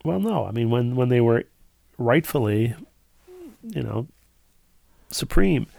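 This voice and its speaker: This man co-hosts a chatty podcast and reads listener emails aloud, drifting into rambling asides. His voice has a gravelly, creaky edge. The sound is close and dry, with no room around it. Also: medium pitch, animated, takes it slowly, mellow, dry recording. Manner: rambling, digressive, full of asides. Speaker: podcast co-host. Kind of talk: casual podcast chat, reading listener emails.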